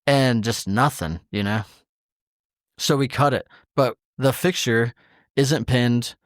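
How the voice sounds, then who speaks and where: A podcast co-host with a mid-range voice chats casually at normal speed, telling an exasperated story laced with heavy swearing and acting out the quoted exchanges. The recording is dry and studio-clean.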